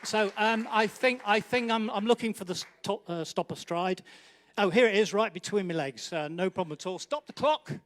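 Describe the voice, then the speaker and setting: A man's voice: high voice, normal speed, fairly bright tone. A man hosting an awards night, doing joking live banter as he walks between the banquet tables and teases guests by name. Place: large indoor banquet hall.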